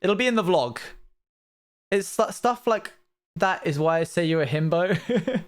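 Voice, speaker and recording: A man's voice: high voice, lively intonation, measured pace. A young man hosting a casual livestream from his desk, rambling and laughing at himself as he chats. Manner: rambling, giggly, self-mocking. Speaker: livestream host.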